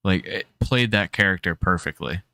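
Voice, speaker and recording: Low, bright, crisp male streamer, dry close sound, offhand and profane. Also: normal speed, no room sound. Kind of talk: casual chat reacting to a clip.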